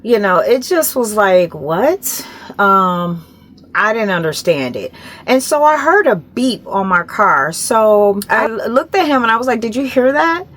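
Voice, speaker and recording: A middle-aged woman vlogger telling a story to camera in a casual, animated way, acting out the other people's voices. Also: mid-range voice, a little slow.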